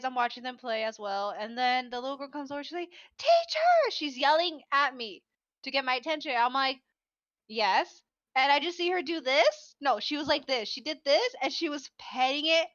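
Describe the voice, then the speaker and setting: A woman who works as a teacher, telling animated stories in a casual podcast chat and acting out the children's voices. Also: high voice, a little fast, no room sound, muffled recording. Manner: animated storyteller, acts out kids' voices. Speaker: preschool teacher.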